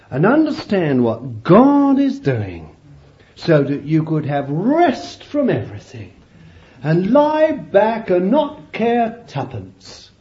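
A man preaching with a lively voice that leaps and falls, sitting a little high for a man. He laughs often as he talks and keeps calling his listeners beloved. The recording sounds dull and lo-fi. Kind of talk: sermon.

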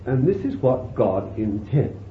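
A man preaches slowly, his pitch rising and falling freely as he muses over his text. The recording is thin and phone-like, with a roomy echo around his voice. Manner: slow, unhurried preaching with lively pitch and warm chuckles. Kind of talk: sermon. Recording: roomy, tinny phone-like sound with faint hiss.

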